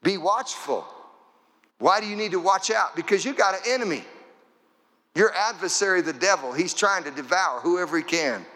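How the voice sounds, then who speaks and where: Bright-voiced preacher man in echoey hall. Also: high-pitched, expressive, moderate pace. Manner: rhythmic repeated preaching phrases. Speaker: pastor. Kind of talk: sermon. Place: church.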